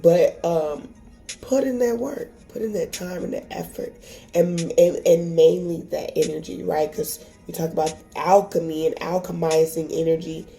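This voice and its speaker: A woman's voice: on the low side, moderate pace, vocal fry, dark tone, faint music behind. A woman giving a casual tarot reading to camera, emotional and encouraging, swearing freely. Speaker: tarot reader.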